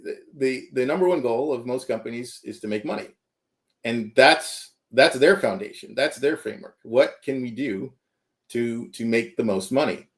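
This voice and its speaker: A man's voice: mid-range voice, normal speed. A man, a computer science professor, giving earnest interview answers and checking in with the listener as he explains.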